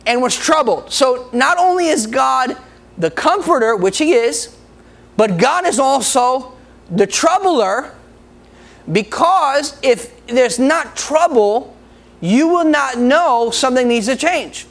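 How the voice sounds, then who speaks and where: A man's voice: very high voice, animated, takes it slowly, fairly bright tone. A man preaching a sermon, joking with the people in the room and laughing often between points. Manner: laughs often, jokes with the congregation.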